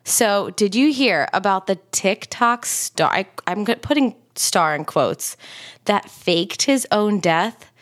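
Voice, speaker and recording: A woman's voice: medium pitch, lively intonation, slow. A woman co-hosting a podcast, chatting casually, laughing often and swearing freely. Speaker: podcast co-host. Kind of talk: casual chat.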